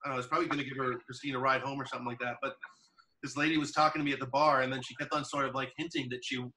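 A man's voice: medium pitch, little pitch movement, racing, pushed and bright, far from the mic, a little hiss or hum, rough recording. A man chatting casually, telling a long anecdote with many fillers and restarts. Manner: rambling storyteller, many fillers. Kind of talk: casual chat.

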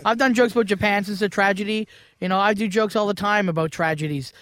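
A man's voice: high-pitched, fast, fairly bright tone, dry recording. A man hosting a comedy radio talk show, blunt and profane, joking with guests.

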